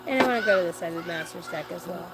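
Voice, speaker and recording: A woman's voice: lowish voice, animated, rapid-fire, gravelly, loud music behind the voice, poor audio. A woman doing a live-stream oracle card reading, chatting playfully and joking with her viewers.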